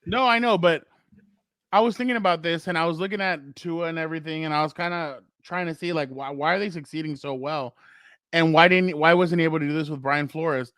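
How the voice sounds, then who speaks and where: A man's voice: on the high side, fairly quick, fairly bright tone, no echo, clean studio sound. A man co-hosting a podcast who rambles through stories and opinions on football, with fillers and asides. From San Diego area. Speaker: podcast co-host. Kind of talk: casual sports chat.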